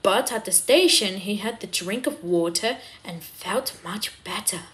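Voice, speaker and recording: A woman reading a children's story aloud in an expressive, animated way. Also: medium pitch, unhurried.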